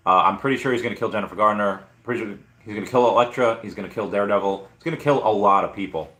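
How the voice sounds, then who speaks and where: A hoarse man chatting casually on a live stream, rambling through stories with lots of fillers. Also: lowish voice, racing, a bit bright, reverberant. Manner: rambling, filler-heavy storytelling. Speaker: comic and collectibles YouTuber.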